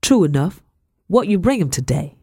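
A woman's voice: fairly low pitch, sing-song, normal speed, warm tone, husky, no room sound, clean studio sound, pitched above the performer's own voice, full character voice. A woman voicing a greedy older male prison guard who talks in a wheedling, folksy colonial way.

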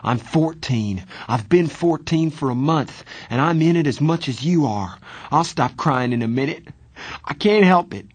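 Male reader voicing a stubborn scared young teen, husky, raised and tearful. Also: medium pitch, unhurried, pauses often, darkish tone, voice pushed up. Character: fourteen-year-old boy, stubborn and scared.

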